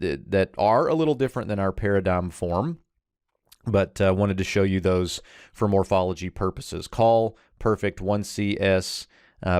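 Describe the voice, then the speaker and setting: A man's voice: sits low, a little mellow, clean tone, dry recording, clean studio sound. Methodical male Hebrew grammar teacher. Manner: methodical, measured explanations with occasional fillers. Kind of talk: explaining grammar on a short teaching video.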